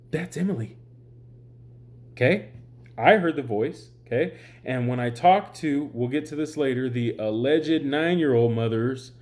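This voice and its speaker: This online commentator, exhausted and short on sleep, vents to viewers in a rambling, frustrated vlog rant full of swearing. The voice is mid-range and darkish.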